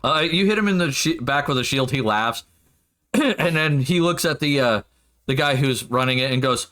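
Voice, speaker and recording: Bright-voiced excitable male game master. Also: mid-range voice, moderate pace. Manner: laughs often, excitable. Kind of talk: narrating a tabletop game.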